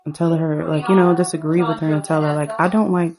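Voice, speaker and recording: A woman with a low voice gives loose, chatty commentary over a life-sim game. She rambles through what her characters will do next. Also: flat delivery, fast, crowd noise. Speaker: game streamer.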